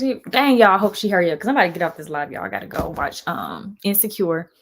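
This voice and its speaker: A young woman hosts a live stream, telling stories with sass and plenty of "y'all" for her viewers. Her pitch sits in a middle range for a woman, and her delivery is animated and chatty. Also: quick pace, a little hiss or hum. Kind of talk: casual live-stream storytelling.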